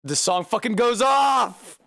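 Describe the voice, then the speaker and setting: Animated, foul-mouthed male game streamer. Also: very high voice, slow, gravelly, no echo, clean studio sound. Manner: animated, swears freely, bursts of laughter. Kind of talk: live gameplay commentary.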